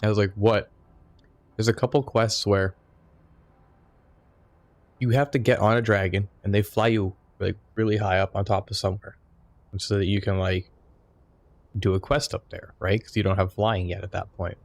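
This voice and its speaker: A man's voice: lowish voice, fairly even intonation, moderate pace, vocal fry, long pauses. A young man streaming a video game, commenting casually with crude, profane jokes.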